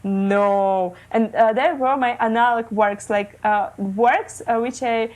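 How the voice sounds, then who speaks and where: A woman in her thirties from Russia, speaking English as a second language, telling her story in an interview with many fillers and pauses. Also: fairly high pitch, fairly even intonation, darkish tone, poor audio. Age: 30s. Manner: hesitant, many fillers, non-native phrasing. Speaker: guest, illustrator. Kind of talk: casual interview talk. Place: living in Germany.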